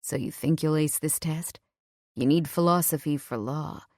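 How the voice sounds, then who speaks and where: A woman voicing an intense, possessive young man in an audiobook, in a low, murmured, earnest way. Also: moderate pace, darkish tone, no echo, studio quality, natural voice. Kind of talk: audiobook character voice.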